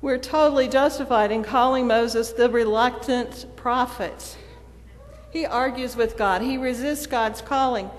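A woman's voice: fairly high pitch, a little slow. A woman preacher delivering a sermon in a storytelling manner, acting out the quoted dialogue. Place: church sanctuary. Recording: long church reverb.

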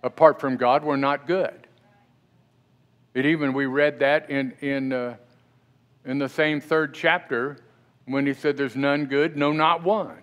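A man's voice: medium pitch, fairly even intonation, unhurried, pauses often, fairly bright tone, smooth. A middle-aged male pastor preaching a sermon in a church, talking conversationally and often asking the congregation questions. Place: church sanctuary.

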